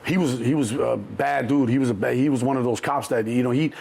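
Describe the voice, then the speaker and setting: A brisk, gravelly, medium-pitched voice comes from a Chicago man in his 60s being casually interviewed. He tells stories from his past with animation, voicing the people he quotes and often restarting his sentences.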